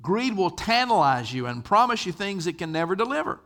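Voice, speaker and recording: A sing-song, slightly bright voice that sits high and moves a little fast belongs to an older pastor preaching. He tells stories in a conversational way and asks his audience questions.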